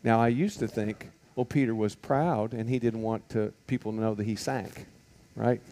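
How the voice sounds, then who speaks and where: Mellow-voiced man teaching Bible class. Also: fairly low pitch, normal speed. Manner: conversational, full of rhetorical questions and fillers. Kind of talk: casual Bible teaching to a group.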